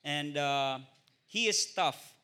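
A man with a Filipino accent giving an informal Bible study, often pausing on "uh" and ending points with a questioning "no?". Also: a little high, sharp tone, clear, resonant tone. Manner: hesitant, many filler "uh"s and tag "no?".

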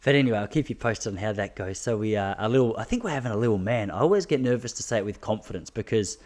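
A man's voice: lowish voice, animated, fast, darkish tone. Chatty, self-mocking Australian man. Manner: chatty, self-mocking, laughs often, trails into restarts. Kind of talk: casual monologue to listeners.

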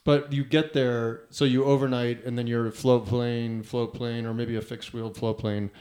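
A man's voice: mid-range voice, little pitch movement, normal speed, a little mellow. A man hosting a podcast in casual conversation, loose and rambling with many restarts.

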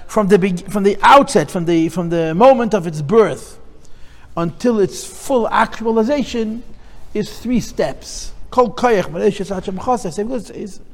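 A man's voice: high voice, animated, unhurried, in a large hall. A male teacher giving a lesson on Chassidic texts. He explains step by step, repeats phrases and mixes in Hebrew and Yiddish terms.

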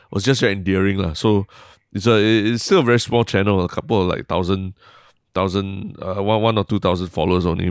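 Low-voiced Singaporean guy, rambling podcast chat. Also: no echo, clean studio sound. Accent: Singaporean English. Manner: rambling, self-interrupting, frequent "lah" and "like". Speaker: podcast co-host.

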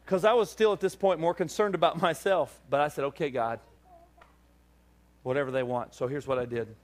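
A male pastor preaching to his congregation, telling a story with lively, acted-out dialogue. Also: on the high side, brisk, slight background noise. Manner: animated storytelling, acting out dialogue. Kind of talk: sermon. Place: church service.

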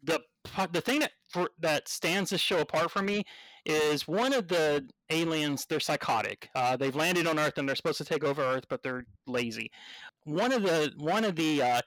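A man hosting a casual podcast, enthusiastic and laughing easily, with some casual swearing. His voice sits a little high. The recording is dry and close. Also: moderate pace, a bit bright, no room sound, rough recording. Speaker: podcast host. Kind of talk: casual chat.

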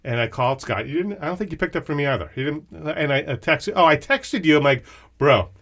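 Animated, swearing podcast host. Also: male voice, a little high, fast talker. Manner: animated, swears freely, restarts often. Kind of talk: casual storytelling chat.

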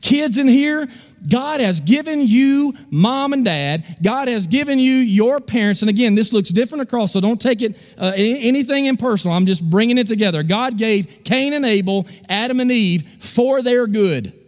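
A man's voice: very high-pitched, expressive, normal speed, in a large hall. A male pastor preaching a sermon in a church, emphatic and asking the congregation questions. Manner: emphatic, call-and-response questions.

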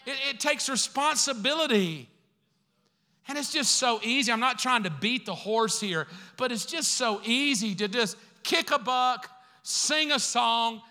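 A man's voice: very high voice, sharp tone. A man preaching a sermon as pastor, conversational and acting out the voices he quotes. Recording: long hall reverb.

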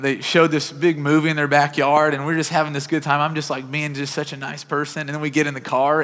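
A man's voice: a little high, sharp tone. A man in his thirties preaching a sermon, telling a personal story in an earnest, conversational way. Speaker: pastor. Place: church auditorium. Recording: church hall reverb.

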